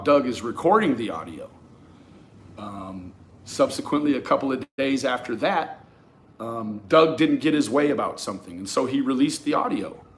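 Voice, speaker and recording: A man telling a personal story to his viewers in a casual, profane, animated way, often restarting his sentences. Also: medium pitch. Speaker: YouTube commentator.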